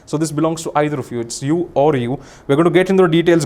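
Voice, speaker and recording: A man's voice: on the high side, animated, racing, few pauses, a little mellow. A young man with an Indian English accent, hosting a live magic act with playful, teasing, theatrical commands on stage before an audience. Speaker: comedian and magician host.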